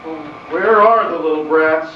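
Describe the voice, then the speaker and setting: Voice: mid-range voice, moderate pace, a little hiss or hum, lightly acted. An actor on stage playing a short-tempered middle-aged man about to remarry, blustering and exasperated, heard from a distance. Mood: flustered. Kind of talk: amateur stage play. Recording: distant, echoey, muffled stage recording.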